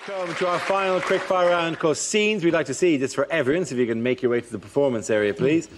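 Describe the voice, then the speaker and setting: A man hosting a comedy panel show, briskly introducing rounds and panelists. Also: fairly high pitch. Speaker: quiz show host. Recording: faint studio audience noise.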